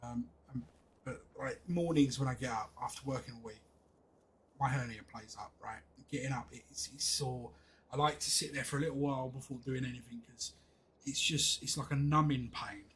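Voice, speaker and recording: A man's voice: medium pitch, a little hiss or hum, poor audio. A middle-aged English man, streaming a game and chatting casually, rambling through exasperated stories with laughs. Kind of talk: casual chat while gaming.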